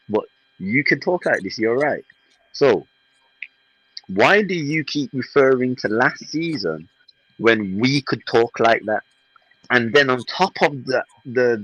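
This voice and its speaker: A man's voice: medium pitch, fairly bright tone, slightly rough, dry recording, muffled recording. A man co-hosting a podcast, in fiery and mocking football banter, repeating himself. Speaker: podcast co-host.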